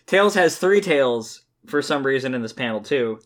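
A podcast co-host giving casual comic commentary in an animated way, swearing freely and laughing often. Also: medium pitch, moderate pace, few pauses.

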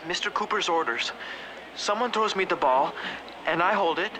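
Earnest young man on the team, higher voice, plain delivery; distant old film clip with traffic noise. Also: lively intonation, moderate pace. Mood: matter-of-fact.

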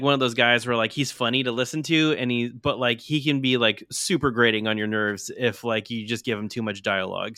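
A man's voice: mid-range voice, sharp tone, no echo, clean studio sound. A man chatting casually on a podcast, rambling with lots of "like" fillers. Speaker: podcast co-host. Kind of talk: casual chat.

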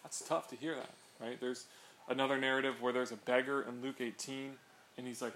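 Speaking briskly to a small group gathered for an informal Bible study, a man keeps things chatty and drops "right?" asides often. His voice is medium-pitched and fairly bright with fairly even intonation, in an echoey room carrying faint background noise.

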